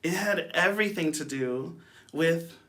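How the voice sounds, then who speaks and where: Bright-voiced chatty young man telling a story. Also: on the high side, a little slow. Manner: chatty, laughing, lots of fillers and asides. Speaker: youth speaker. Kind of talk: casual youth sermon storytelling.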